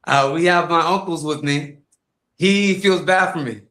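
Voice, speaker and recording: A man, a fighter and guest, telling comic stories in a lively way and acting out voices. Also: a little high, unhurried, reverberant. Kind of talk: animated storytelling on a podcast.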